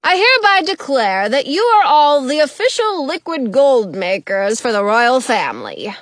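A woman's voice: sits high, very animated, normal speed, dry recording, studio quality. A woman voicing a tall, imposing king who bellows pompous orders in a storybook reading. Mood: commanding. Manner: bellowing, bossy, grandly pompous.

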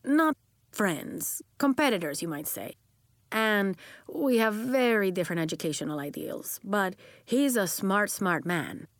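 A woman doing a booming, theatrical principal. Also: lively intonation, measured pace, no room sound, studio quality, close to an everyday voice. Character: grand booming school principal, man.

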